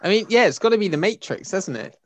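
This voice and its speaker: A man's voice: high-pitched, expressive, fast talker, fairly bright tone. A man in his twenties guessing quiz answers in blunt, sweary banter with friends. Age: 20s. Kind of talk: casual banter.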